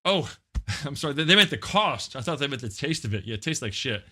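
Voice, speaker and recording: A man's voice: medium pitch, sing-song, fairly quick, pushed and bright. A man co-hosting a comedic talk show, delivering crude jokes and mock ad reads. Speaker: co-host.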